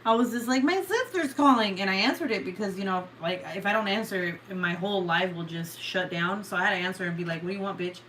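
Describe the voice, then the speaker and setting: A woman's voice: lowish voice, fairly even intonation, fast talker, hardly any pauses, fairly bright tone, a little hiss or hum. A young woman from California who hosts a late-night livestream, chatting casually, sounding sleepy, swearing a lot and laughing often. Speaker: livestream host.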